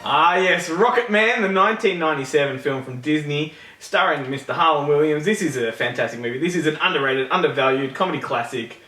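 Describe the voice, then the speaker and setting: A man's voice: fairly high pitch, brisk, few pauses, sharp tone, echoey room, faint music behind. A man hosting a podcast, chatting with enthusiasm and hyping things up. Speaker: podcast host. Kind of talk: casual podcast chat.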